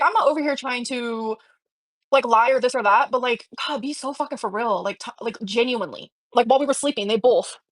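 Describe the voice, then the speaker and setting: A young woman live streaming, talking fast and emotionally, swearing, with lots of fillers and restarts. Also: fairly high pitch, no room sound.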